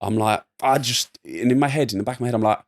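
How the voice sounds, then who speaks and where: A young man from England telling a personal story as a podcast guest, rambling and animated with lots of fillers. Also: mid-range voice, fast talker. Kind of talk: casual storytelling.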